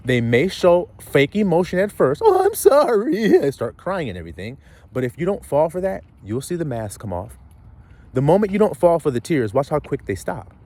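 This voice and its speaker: A man delivers a blunt, profane sermon, firing question after question at his listeners. His pitch leaps high and drops low as he builds each point. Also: big pitch swings, brisk, a little mellow. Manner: blunt, profane street preaching with rhetorical questions. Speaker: preacher.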